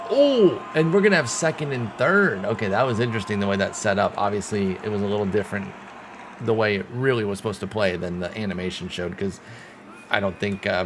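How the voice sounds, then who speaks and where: A man giving casual play-by-play commentary while playing a baseball game, excitable and swearing when things go wrong. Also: sits low, a little hiss or hum. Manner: excitable, swears when frustrated, talks to himself. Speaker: gaming channel host.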